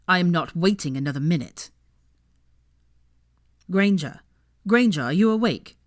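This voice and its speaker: A woman doing a guilt-ridden young man, low and dry. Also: expressive, unhurried, no room sound. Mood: insistent. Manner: urgent, pained, swearing. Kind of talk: fan fiction reading.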